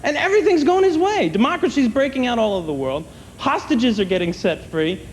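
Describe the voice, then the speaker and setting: A man doing a stand-up comedy set on a comedy club stage, wry and conversational, slipping into quick voices for his bits. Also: very high-pitched, lively intonation, faint music behind. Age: older than 30. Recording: long hall reverb, clear room noise, 1990 TV taping.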